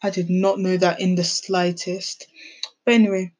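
A woman's voice: lowish voice, flat delivery, moderate pace, a little mellow, low-quality recording. A young woman chatting casually as a podcast host, sassy and opinionated. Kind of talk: casual reaction chat.

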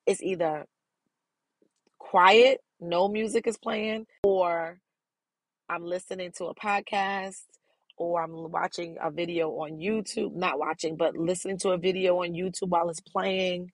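A woman's voice: fairly low pitch, fairly even intonation, unhurried, no echo. A middle-aged woman hosting a podcast, talking candidly and casually about self-care, laughing often as she goes. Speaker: podcast host.

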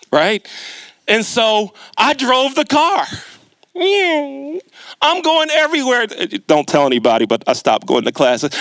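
A man's voice: extremely high pitch, sing-song, unhurried, a bit bright, no echo. A man preaching a sermon in a church, telling a humorous story in a chatty way and asking the congregation questions. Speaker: lay preacher. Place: church sanctuary.

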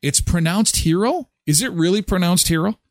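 A man's voice: high-pitched, lively intonation, normal speed, dry recording, clean studio sound. A man hosting a morning show, chatting casually and rambling with self-mocking asides. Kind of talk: casual live radio chat.

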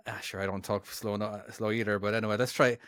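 A man's voice: fairly low pitch, little pitch movement, fast, fairly bright tone. An Irish man co-hosting a podcast, chatting casually and self-deprecatingly with frequent restarts. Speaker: podcast co-host. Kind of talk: casual chat.

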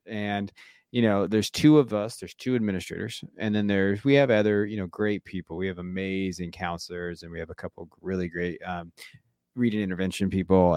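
A man's voice: fairly low pitch, darkish tone, dry recording, clean studio sound. A man in his thirties, a tired podcast co-host, chatting casually and rambling with lots of fillers and offhand swearing.

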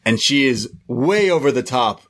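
A man's voice: mid-range voice, animated, normal speed, fairly bright tone. A man co-hosting a wrestling podcast, chatting casually and recapping the show with acted-out quotes. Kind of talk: casual chat.

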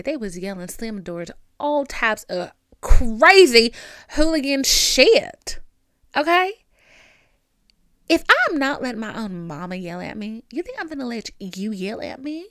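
A woman's voice: on the high side, very animated, measured pace, a bit bright, no echo, clean studio sound. A young woman with a Southern country accent hosting a podcast, talking straight to the listener in a sassy, emphatic way. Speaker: podcast host. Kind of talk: casual advice monologue.

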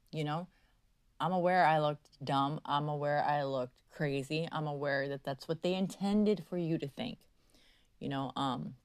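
A woman's voice: deep voice, no room sound, clean studio sound. A woman hosting a livestream, rambling through a profane, meandering monologue full of fillers. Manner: brash and mocking with callers. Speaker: livestream host.

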